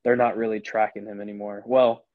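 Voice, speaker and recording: A man's voice: lowish voice, flat delivery, fairly quick, dry recording, phone-quality sound. A young man co-hosting a podcast, chatting casually and rambling as he retells scenes. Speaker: podcast co-host. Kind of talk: casual chat.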